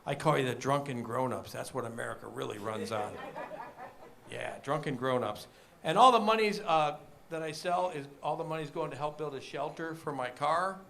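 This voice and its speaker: A man's voice: medium pitch, moderate pace, gravelly, fairly bright tone. A man doing a stand-up comedy set on a club stage, chatting with the crowd between punchlines. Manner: joke-telling with punchlines, chatty asides to the crowd.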